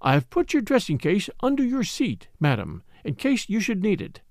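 A man's voice: sits high, wildly swooping pitch, moderate pace, darkish tone, no echo, studio quality, pitched above the performer's own voice, heavily acted. Man voicing a prim lady's maid. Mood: dutiful. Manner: formal, deferential. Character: thin, proper female lady's maid.

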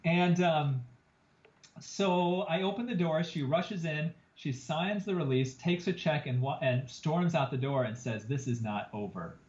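Guy telling a story on a podcast, kinda high voice, roomy dull-ish sound. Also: measured pace. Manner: animated storyteller, acts out quoted lines. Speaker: plastic surgeon guest.

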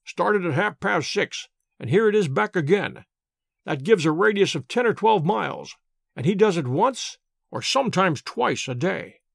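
Brief: male reader doing a calm, wry, courteous detective, lively delivery. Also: high-pitched, vocal fry, dry recording, clean studio sound, exaggerated voice. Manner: measured, courteous, gently ironic.

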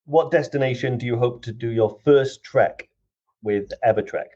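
A man co-hosting a casual livestream chat, laughing often as he asks quick questions. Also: medium pitch, dark tone, breathy edge, dull audio. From Wales. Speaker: co-host.

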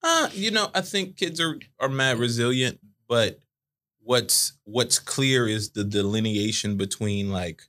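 A man's voice: mid-range voice, unhurried, bright, forceful tone. A man in his thirties co-hosting a casual podcast, explaining his points with analogies. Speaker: podcast co-host. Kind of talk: casual chat.

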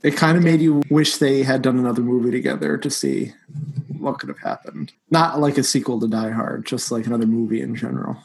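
Male co-host, mid-range voice, relaxed and wry. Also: medium pitch, a little fast, vocal fry, slightly rough, rough recording. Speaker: podcast co-host. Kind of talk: casual movie chat.

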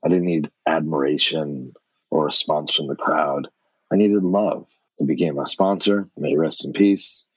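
A man's voice: very deep voice, steady tone, moderate pace, husky, no echo, poor audio. A middle-aged man from New York, a podcast guest telling his life story with blunt, profane energy.

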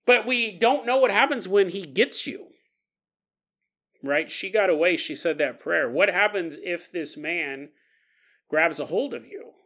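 A male podcast host with a high, bright voice tells an eerie story in a loose, casual way. He is animated and jokey and laughs often. His energy stays playful even on creepy details. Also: measured pace.

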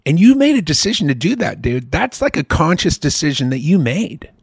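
A man co-hosting a podcast who tells rambling, profane, animated stories in casual chat. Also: fairly high pitch, brisk, creaky, few pauses, breathy edge, no echo, clean studio sound. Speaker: podcast co-host.

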